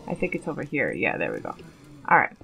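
A woman's voice: very deep voice, huge pitch swings, quick pace, vocal fry, over music, low-quality recording. A woman giving casual gameplay commentary, chatty and nervous, often questioning herself aloud. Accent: Long Island put-on at times. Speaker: let's play gamer.

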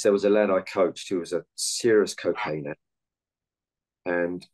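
A man's voice: low-pitched, darkish tone, poor audio. A man, a meditation and martial arts coach, giving earnest interview answers full of anecdotes from his coaching.

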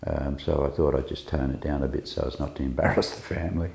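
A man's voice: rumbling low, fairly even intonation, fast, gravelly, a little mellow, roomy sound. An Australian man telling crude, laid-back jokes and anecdotes in a casual interview. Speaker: comedian interviewee.

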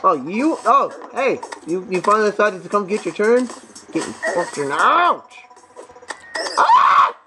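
A young man doing profane, excitable let's play commentary, talking back to the enemies on screen. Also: high-pitched, moderate pace, noisy background. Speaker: gameplay commentator.

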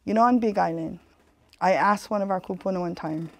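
A woman's voice: medium pitch, a little fast, no room sound. An earnest woman from Hawaii with a light Hawaiian Pidgin-tinged accent speaks in a mid-range voice, talking to a community audience like she's chatting with them. The sound is dry and close, with almost no room around it. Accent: Hawaiian Pidgin-tinged English. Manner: earnest and conversational, leans on "you know". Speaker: speaker giving a community presentation. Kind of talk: conversational talk with storytelling.

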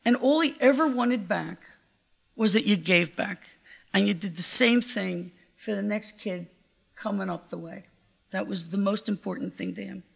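An older woman giving a heartfelt, measured eulogy at a memorial gathering. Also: mid-range voice, vocal fry, a bit bright. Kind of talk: memorial tribute speech.

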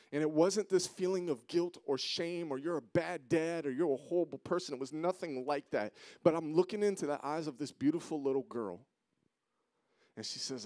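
A man in his thirties giving a sermon as a guest speaker, telling a personal story with emotion, dropping to a hush and then rising to loud, pleading questions. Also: fairly high pitch, normal speed, no room sound, clean studio sound. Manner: emotional, swings from hushed to loud. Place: church auditorium.

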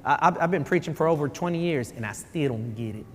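A man in his forties, a pastor, preaching a sermon with animated storytelling and repetition for emphasis, slipping into Spanish. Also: a little high, quick pace. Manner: animated storytelling, repeats for emphasis, code-switches. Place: church sanctuary. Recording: reverberant church hall.

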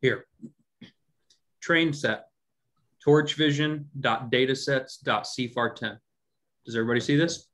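A man's voice: mid-range voice, a little slow, long pauses, a bit bright. Man teaching a live coding lecture. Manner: conversational, often checks in with the class. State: has hiccups. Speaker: instructor.

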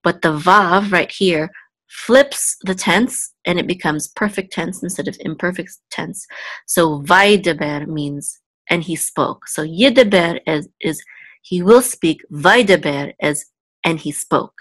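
A woman teaches biblical Hebrew step by step, sounding out each word slowly and often pausing to ask "okay?". Her voice sits a little low, and the recording is dry and close. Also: a bit bright, dry recording. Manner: patient, repeats words, checks in with "okay?". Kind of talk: slow step-by-step language lesson.

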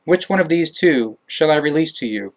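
Man voicing Roman governor, exasperated, reluctant, raised indignant questions, pitched up a little. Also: expressive, moderate pace. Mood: questioning.

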